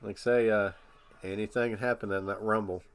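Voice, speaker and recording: A man's voice: fairly low pitch, steady tone, brisk. A man hosting a live stream, reacting to a broadcast in a laid-back, rambling way. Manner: laid-back, rambling, uses filler phrases. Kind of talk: casual reaction commentary.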